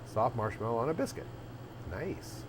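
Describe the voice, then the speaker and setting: A man's voice: mid-range voice, animated, normal speed, background noise. A man who owns an arcade, chatting casually on a livestream and thinking aloud as he goes. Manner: rambling, thinking aloud with restarts. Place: arcade café interior.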